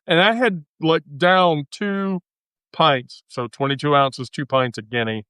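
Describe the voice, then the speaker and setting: A woman's voice: low voice, lively intonation, measured pace, a bit bright, clear, resonant tone, dry recording. A woman hosting a livestream, telling a profane, laughing story in casual chat with frequent laughter. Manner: bawdy, profane, laughs through her story. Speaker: livestream host.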